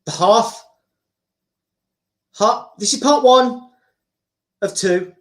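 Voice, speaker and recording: A man's voice: high voice, drawn-out words. A man, a YouTuber, chatting casually on a livestream, rambling with many fillers.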